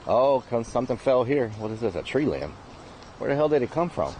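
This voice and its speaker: A man's voice: mid-range voice, very animated, a little fast, darkish tone, a little hiss or hum. A man hosting a casual outdoor live stream, drawling loose jokes and asides to his chat. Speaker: livestream host.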